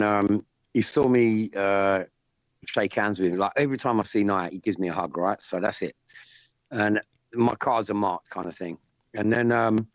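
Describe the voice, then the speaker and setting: A man hosting a live stream and telling a story in a rambling, profane, animated way. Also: lowish voice, no room sound, poor audio. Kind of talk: casual chat.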